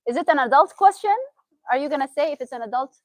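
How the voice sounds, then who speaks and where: Fast and animated, a woman speaks in a high-pitched voice with a darkish tone. She is a Syrian therapist, a first-language Arabic speaker with a Syrian Arabic accent, giving a conversational motivational talk and regularly asking the audience questions. No room sound is audible, and the recording is low quality.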